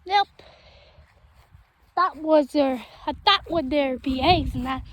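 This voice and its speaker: Super high-pitched woman chatting to viewers outside, slow easy talk, bit of wind noise. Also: low-quality recording. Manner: chatty, talks to viewers as guys. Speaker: vlogger. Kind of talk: casual walking vlog. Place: outdoors in a backyard with trees and chickens. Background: faint wind noise.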